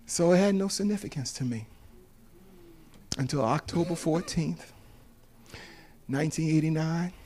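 A man in his fifties, a preacher giving a sermon that builds from quiet storytelling to shouted, tearful preaching. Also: on the high side, unhurried, long pauses. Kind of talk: sermon testimony.

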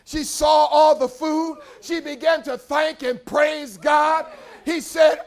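A very high-voiced preacher shouting a sermon. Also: male voice, flat delivery, takes it slowly, creaky. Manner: call-and-response, building to shouts. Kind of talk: sermon storytelling. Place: church.

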